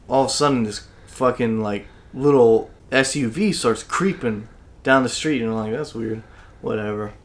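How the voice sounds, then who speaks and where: Brief: young male podcast co-host, mid-pitched, rambling profane storyteller who acts out his own lines. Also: fairly bright tone. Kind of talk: casual storytelling.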